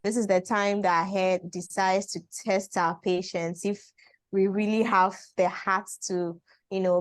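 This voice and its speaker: A woman's voice: medium pitch, dry recording. Woman, contributor on a video call, earnest and searching, dry close sound. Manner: thoughtful, repeats herself, slow build-up with fillers. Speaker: webinar contributor. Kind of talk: casual advice sharing.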